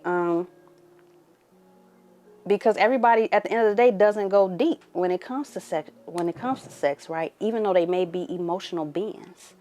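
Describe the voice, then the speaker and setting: A young adult woman hosting her own podcast, talking candidly to the camera and sometimes dropping to a hushed murmur. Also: medium pitch. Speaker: podcast host. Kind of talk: casual emotional monologue to camera.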